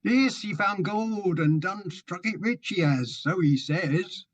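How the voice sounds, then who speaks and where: A man's voice: high-pitched, lively intonation, slow pace, highs cut off, full character voice. A man playing Job, an 1850s Cornish fisherman, in a broad Cornish accent with old-fashioned dialect. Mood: earnest.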